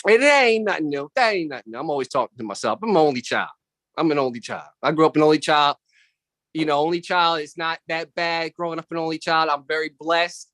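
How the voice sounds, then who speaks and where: A man doing animated stand-up comedy over a video call from home, jumping into voices of family and coworkers. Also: fairly high pitch, fast talker, dry recording, studio quality. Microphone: computer mic on a video call.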